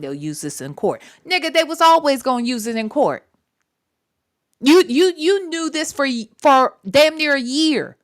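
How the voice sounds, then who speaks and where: A woman's voice: high voice, a bit bright. A woman hosting a late-night reaction livestream, commenting with sassy, profane asides and talking straight to her chat. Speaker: reaction show host.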